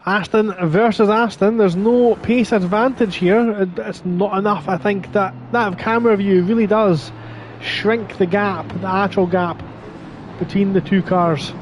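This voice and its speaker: A man with a fairly high voice calls a sim race live. He is chatty and breaks off to answer viewer chat between the action. A faint noise sits under the recording. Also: fairly even intonation, measured pace. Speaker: sim racing commentator.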